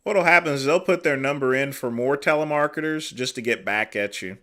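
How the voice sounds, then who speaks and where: A man's voice: medium pitch, a little fast, sharp tone. A man from the United States hosting a livestream, giving amused, chatty commentary on a video he is watching. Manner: amused, chatty, laughs along. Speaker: livestream host reacting to a video. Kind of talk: casual reaction commentary.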